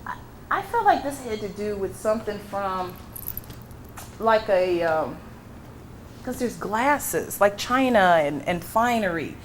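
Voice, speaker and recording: Woman, medium at a live expo reading, reassuring, emphatic, breathy exclamations, faint hum of the hall behind her. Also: mid-range voice, sing-song, slow, long pauses.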